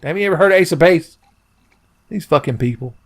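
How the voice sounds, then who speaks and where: A man's voice: fairly high pitch, lively intonation, fairly quick. A man hosting a let's play, giving profane, sarcastic, joking commentary. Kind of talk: gameplay commentary.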